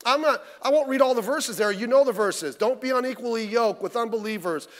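High-voiced pastor preaching in a big echoing hall. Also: male voice, brisk. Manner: conversational, folksy preaching with rhetorical questions. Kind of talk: sermon. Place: church. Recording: reverberant church hall.

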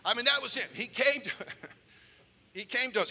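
A male pastor telling a story in a sermon, animated, acting out voices and shouting at times. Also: high voice, normal speed. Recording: long reverb of a church hall.

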